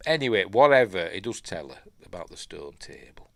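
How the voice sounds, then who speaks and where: Chatty Yorkshire man with a low voice. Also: very animated, brisk, vocal fry, dry recording. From Yorkshire, England. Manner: chatty, muttering asides under his breath. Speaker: film review host. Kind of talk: live film commentary.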